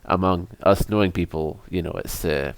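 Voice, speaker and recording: A man's voice: deep voice, moderate pace, clean tone, no room sound. A man co-hosting a podcast, chatting casually in a sardonic, profane way and laughing often. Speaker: podcast co-host.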